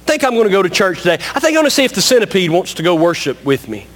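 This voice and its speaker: A lonely single man, impatient and frustrated, speaks in a raised, quick voice, as a preacher puts him on in a sermon story. He coaxes and then shouts at his silent pet. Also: high-pitched, sing-song, big-room sound. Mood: coaxing. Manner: pleading then shouting, fast.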